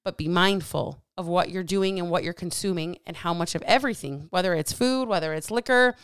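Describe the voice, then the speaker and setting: A woman's voice: fairly low pitch, fairly quick, clean tone, no echo, studio quality. A woman hosting a solo podcast as a coach, talking bluntly with plenty of swearing and getting heated up. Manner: blunt, profane, fired-up; animated with hands.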